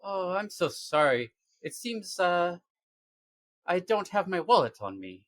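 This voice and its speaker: A man's voice: sits high, very animated, a bit bright, no room sound, studio quality, full character voice. A man voicing a cheerful, courteous male investigator in a tabletop game, trying out a put-on accent. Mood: chipper. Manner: halting attempt at a put-on accent.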